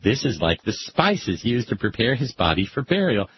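A man reading aloud with sardonic, deadpan asides. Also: on the low side, moderate pace, a little hiss or hum. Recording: dull lo-fi recording.

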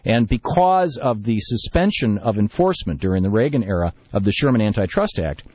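A man from Detroit hosting political talk radio, speaking in a rapid, discursive, opinionated way. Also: on the low side, lively intonation, breathy edge, no room sound, muffled recording. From Detroit, Michigan. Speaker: radio talk show host.

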